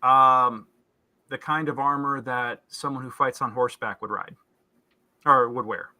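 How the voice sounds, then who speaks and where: A man running a tabletop game as game master, painting scenes in detail. His voice is bright and forceful, and he often pauses and restarts mid-sentence. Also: medium pitch, fairly even intonation. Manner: descriptive, with frequent fillers and restarts.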